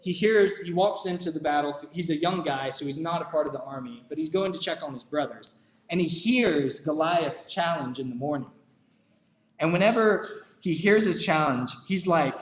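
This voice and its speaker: A man preaching a casual sermon and reading scripture, talking conversationally with lots of filler words and animated emphasis. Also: a little high, measured pace, roomy sound, low-quality recording.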